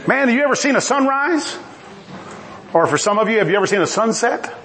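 A middle-aged male pastor preaching with a high, very lively voice. He swings up and down in pitch as he exclaims and acts out the voices he quotes. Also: brisk, a crowd in the background. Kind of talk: sermon.

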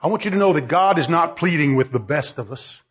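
Fiery male preacher, high voice that swoops wildly, dull lo-fi recording. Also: animated, fairly quick, slightly rough. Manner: impassioned, pleading, shouting at peaks then dropping low. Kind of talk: fiery sermon.

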